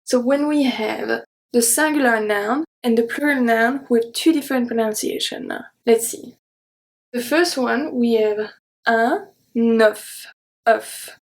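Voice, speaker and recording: A woman with a fairly high voice gives an online French pronunciation lesson. She talks at an unhurried pace and says each example word slowly and carefully, then repeats it. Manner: slow, careful enunciation of example words.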